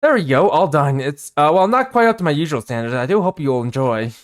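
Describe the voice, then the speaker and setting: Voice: medium pitch, expressive, a little fast, natural voice. A reader voicing a refined, courteous young lady. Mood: polite. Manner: courteous, formal, gentle hostess talk. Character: refined young female school leader, polite host. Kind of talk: game story reading with character voices.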